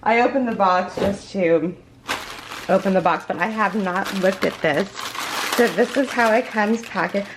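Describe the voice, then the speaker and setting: Slow-talking woman gushing over an unboxing. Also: mid-range voice, noisy background. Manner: excited and gushing, with fillers and restarts. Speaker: crochet vlogger. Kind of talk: casual unboxing chat. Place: at home.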